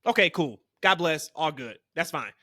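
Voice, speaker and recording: A man's voice: fairly high pitch, lively intonation, normal speed, sharp tone, no room sound, clean studio sound. A man hosting a podcast, chatty and upbeat, often laughing as he talks. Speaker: podcast host. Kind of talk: casual podcast chat.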